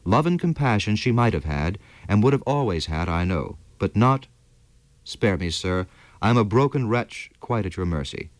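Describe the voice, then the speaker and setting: A man's voice: on the low side, very animated, normal speed, no echo. A man reading aloud, voicing a disgraced young private who speaks in a faltering, pleading way. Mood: pleading, broken. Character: young disgraced private soldier, broken and ashamed. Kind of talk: audiobook character reading.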